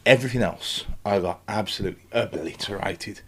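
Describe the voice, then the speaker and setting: A man's voice: on the low side, brisk, fairly bright tone, husky. A man talking as a guest on a casual podcast. He tells his story with energy, swearing freely and acting out his own past thoughts.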